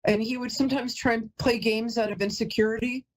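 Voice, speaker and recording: A woman's voice: on the high side, fairly even intonation, brisk, rough recording. A woman hosting a live call-in psychic reading, chatty and emotional, who often breaks off mid-sentence to apologize. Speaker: psychic medium host.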